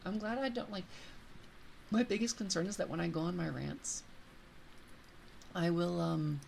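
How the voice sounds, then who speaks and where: Excitable gravelly young woman streamer. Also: fairly low pitch, background noise. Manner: excitable, rambling, giggly. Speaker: VTuber streamer. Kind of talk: casual stream chat.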